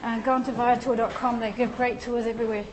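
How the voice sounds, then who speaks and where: A woman hosts a live stream on her phone, reading out and answering viewer comments as she walks and climbs. Her voice sits a touch high. Clear background noise runs under the whole recording. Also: flat delivery, quick pace. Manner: chatty, reads and answers viewer comments while walking. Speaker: livestream host. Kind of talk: casual live-stream chat. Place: outdoors then climbing a stone stairwell. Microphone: phone held in hand. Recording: noisy street and stairwell sound.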